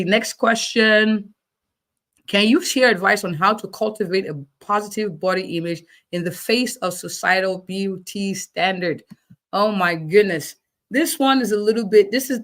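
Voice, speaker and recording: An encouraging woman doctor answering interview questions in a medium-pitched voice. She leans on repeated words to stress a point and checks in with her listeners now and then. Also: a bit bright. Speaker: physician guest.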